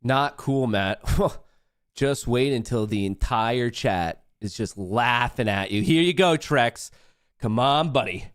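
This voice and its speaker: Slow-talking, profane livestream trading host. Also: male voice, medium pitch, clear, resonant tone, dry recording, studio quality. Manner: excitable, profane, trash-talking, erupts into yelling and laughter. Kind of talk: live-streamed trading commentary.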